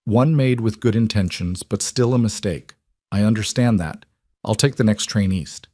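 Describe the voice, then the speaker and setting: A man voicing a young woman who speaks quietly and with restraint in an audiobook. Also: on the low side, normal speed, no echo, studio quality, natural voice. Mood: restrained. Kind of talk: audiobook character voice.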